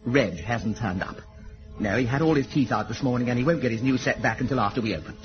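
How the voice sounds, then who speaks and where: An actor playing a flamboyant, excitable amateur theatre director who gushes. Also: male voice, mid-range voice, quick pace, over music, natural voice. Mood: fussy. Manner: gushing, flamboyant. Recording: dull old TV sitcom recording.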